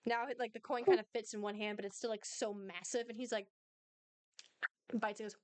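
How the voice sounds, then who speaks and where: Young woman game master, higher voice. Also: a little fast, slight background noise. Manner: lively, laughs between lines. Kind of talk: narrating a tabletop game.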